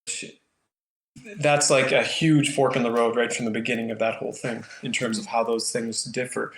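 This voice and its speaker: A man from Canada explains his painting in a relaxed interview, wandering through his thoughts with plenty of fillers. His voice stays even and steady in pitch, and the room around him echoes noticeably. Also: moderate pace. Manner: thoughtful, rambling with many fillers. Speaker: painter, guest. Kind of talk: casual interview conversation.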